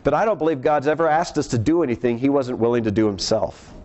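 A man preaching a sermon, reading scripture verses aloud and explaining them earnestly, slowing down on key words. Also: a little mellow. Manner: slows for emphasis, varied pitch.

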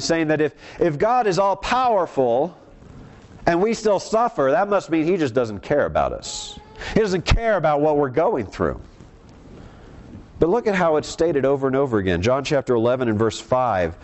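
A man preaching a sermon, reading scripture verses aloud and explaining them earnestly, slowing down on key words. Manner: slows for emphasis, varied pitch.

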